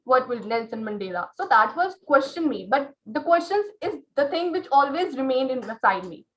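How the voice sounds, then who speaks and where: A woman's voice: high-pitched, very animated, normal speed, fairly bright tone, low-quality recording. A girl, giving an earnest open mic speech as a student, full of pointed rhetorical questions and fillers. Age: late teens.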